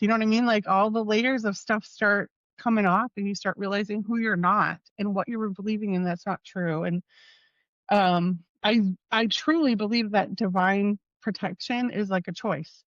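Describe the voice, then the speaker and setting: A woman's voice: medium pitch, steady tone, normal speed, no echo. Earnest woman guest, dull lo-fi sound. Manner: earnest, fillers like "you know what I mean". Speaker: podcast guest. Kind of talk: casual heartfelt chat.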